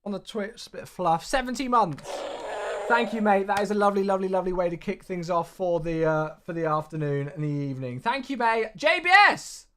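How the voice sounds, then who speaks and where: A man's voice: expressive, a little fast. Upbeat man greeting viewers. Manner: upbeat, chatty, big swings in pitch and loudness. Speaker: flight sim livestreamer. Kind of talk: casual livestream chat greeting viewers.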